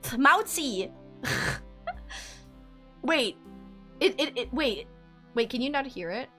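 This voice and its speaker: A woman's voice: high-pitched, animated, drawn-out words, fairly bright tone, soft background music. A woman streamer chatting casually to her viewers, giggly and self-deprecating. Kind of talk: casual live-stream chat.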